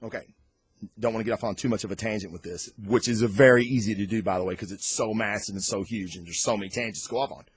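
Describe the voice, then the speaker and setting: A man giving a casual, excited comic book review on camera, rambling off on tangents and swearing freely. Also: lowish voice, fast, breathy edge, dry recording. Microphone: recorded on camera.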